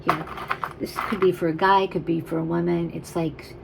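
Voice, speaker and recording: Woman jewelry seller, lower voice, chatty and tangent-prone, quite emotional. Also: little pitch movement, normal speed, vocal fry, background noise. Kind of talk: rambling live sales chat.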